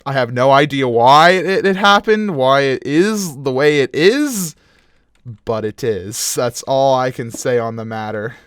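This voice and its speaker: A man's voice: mid-range voice, measured pace, smooth, no room sound, studio quality. A young man hosting a gaming show, casually telling a strange dream while he plays, laughing and full of fillers. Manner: animated, laughing storyteller with frequent fillers. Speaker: gaming video host. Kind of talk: casual storytelling while playing a game.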